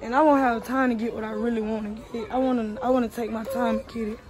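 A woman's voice: a little high, fairly even intonation, fast, low-quality recording. A young woman, a mother chatting to her viewers on a phone while shopping in a big store. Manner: chatty, addresses viewers as y'all. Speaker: vlogger, mother. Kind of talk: casual vlog while shopping. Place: large store indoors.

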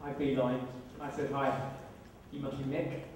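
A man's voice: mid-range voice, level tone, unhurried, a little mellow, a little hiss or hum. A man in his thirties with a British accent, telling a comic personal story on stage to a live audience in a wry, self-deprecating way. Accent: British English. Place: event room with live audience. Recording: very echoey room, voice from far off.

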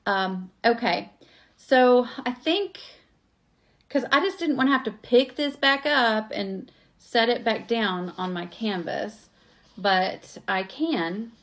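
Slow and on the high side, a woman's voice carries a live craft tutorial from her table at home. She's chatty and self-deprecating, talking to viewers as y'all while she works on her project.

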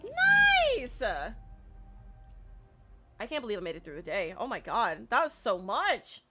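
A woman giving excitable let's play commentary, repeating herself and swearing playfully as she plays. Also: mid-range voice, brisk, loud music behind the voice. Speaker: gaming streamer.

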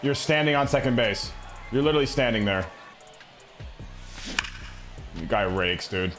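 A young man streaming a baseball video game, reacting in excitable, slangy commentary that swings between loud hype and low muttering. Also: unhurried, faint music behind. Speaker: gaming streamer. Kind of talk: live gameplay commentary.

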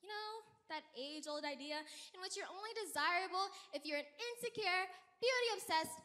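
Woman as a sassy princess emcee, very high, sharp and bright, joking with the crowd. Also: normal speed. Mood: sarcastic. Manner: sassy, joking, talking straight to the audience. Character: brassy sarcastic princess emceeing a gripe session. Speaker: emcee of the show. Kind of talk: live stage musical performance. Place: school stage.

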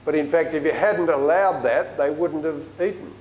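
Aussie guy preaching, fairly high voice, chatty, big echoey church. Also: normal speed, a little mellow, lo-fi sound, a little hiss or hum. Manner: conversational storytelling preaching. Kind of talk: sermon.

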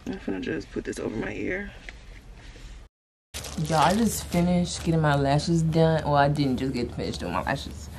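A woman's voice: deep voice, expressive, normal speed, darkish tone, a little hiss or hum. Chatty woman vlogging from her car. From Georgia, US. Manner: chatty, slangy, talks to viewers as "y'all" and "girl". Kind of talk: casual vlog chat to camera. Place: in a car, then walking outside. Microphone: handheld camera.

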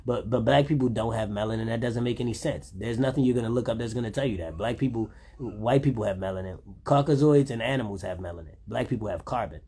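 A man in a loose, rambling monologue. He sounds laid-back and keeps circling back with "you know what I'm saying". His voice sits at an ordinary middle pitch. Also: fast talker, warm tone, slightly rough. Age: 30s.

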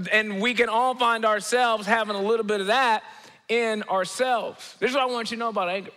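High, bright-voiced preacher man in a hall. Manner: animated storytelling, acts out quoted people with jumps in pitch. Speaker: teaching pastor. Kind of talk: comedic sermon. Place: church auditorium. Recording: long reverb of a large church hall.

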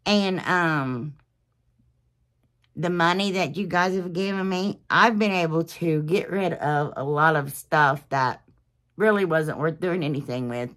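A woman hosting a DIY channel, chatting casually to her viewers in a rambling, gushing, emotional way, sometimes dropping to a soft whisper. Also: sits low, a little slow.

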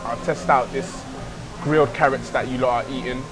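A man's voice: mid-range voice, fairly even intonation, normal speed, over music. A young man hosting a food vlog in a laid-back, jokey way, drawing out his words. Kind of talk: casual vlog chat.

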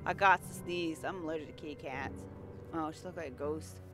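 A woman's voice: deep voice, a little fast, a bit bright, soft background music. A woman streamer giving playful, jokey let's-play commentary as she talks to herself. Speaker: game streamer.

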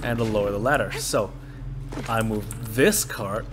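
A man's voice: fairly low pitch, measured pace. A man doing casual gameplay commentary, thinking aloud, joking and cursing at the game. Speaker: let's play commentator. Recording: game music under voice.

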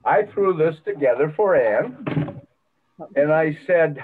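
A man's voice: on the high side, animated, slow, pauses often. An older man retelling a folk tale with a moral in a folksy, dramatic way, heard over a video call. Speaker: church member telling a story. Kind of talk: storytelling with a moral. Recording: tinny video call audio.

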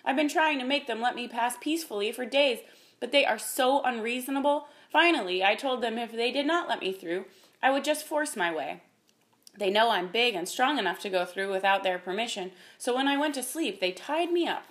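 A woman's voice: a little high, animated, brisk, a bit bright. A woman voicing a male dragon who is trapped, sniffling and plaintive.

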